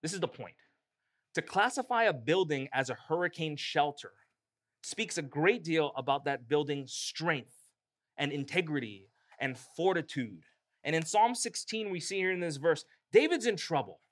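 A man's voice: on the high side, expressive, moderate pace, a bit bright. A man preaching a sermon as a pastor, emphatic and rising in emphasis on key lines.

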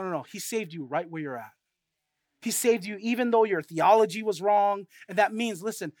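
A man in his thirties preaching a sermon as pastor, conversational and animated, telling stories with frequent asides. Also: high-pitched, dry recording, clean studio sound.

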